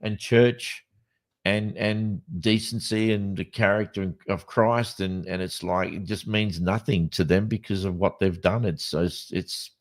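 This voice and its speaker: Casual podcast chat comes from an Australian co-host in Western Australia whose voice is deep and whose pace is measured. He tells stories animatedly, rambling and restarting often.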